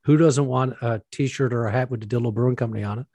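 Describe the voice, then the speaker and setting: A man's voice: mid-range voice, quick pace, warm tone, no room sound. A man hosting a casual podcast chat with his brother, jovial and self-mocking, laughing often. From Newfoundland. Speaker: podcast host; preacher.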